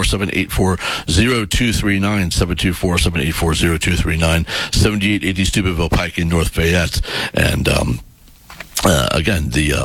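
Low husky male radio host. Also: fairly bright tone, no room sound. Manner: chatty, repeats sponsor details. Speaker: radio talk show host. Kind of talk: sponsored radio talk segment.

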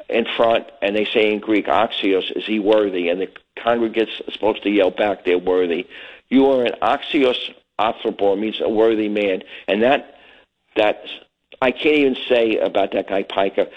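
Rambling older caller on a muffled line. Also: male voice, fairly low pitch. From Brooklyn, New York. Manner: rambling, earnest, stumbling over words. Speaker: radio show caller.

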